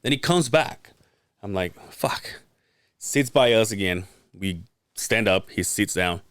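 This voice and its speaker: A man with a fairly low voice tells a rambling, profane story on a podcast and acts out each person's lines. The sound is dry and close, with no room in it. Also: slow, clear, resonant tone, no echo. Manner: profane, animated storytelling with acted-out quotes. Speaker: podcast co-host. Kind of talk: casual storytelling chat.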